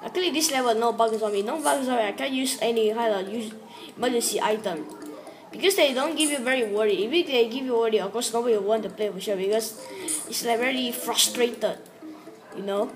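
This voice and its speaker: A woman with a fairly high voice talks through her gameplay in a loose, rambling way. Her English is broken, and she often talks to herself mid-play. Lively game music runs behind her. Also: a little fast. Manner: rambling, broken English, chatty with self-talk. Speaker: gameplay commentator. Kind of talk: casual game commentary.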